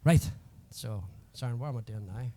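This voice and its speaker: A man's voice: mid-range voice, normal speed, mellow, dry recording. A man hosting a live music stream, chatting casually and greeting viewers one by one.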